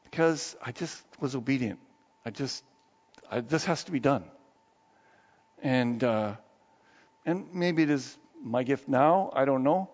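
A male pastor preaching a sermon in a conversational, animated way, dropping to low asides and then rising into excited bursts. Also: a little slow, long pauses. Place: church sanctuary. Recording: long hall reverb, dull muffled sound.

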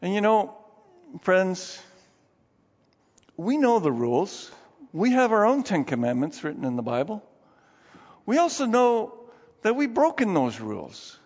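A man preaching a sermon, telling a story in an animated, folksy way. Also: sits high, a little slow, pauses often. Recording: dull sound with long hall reverb.

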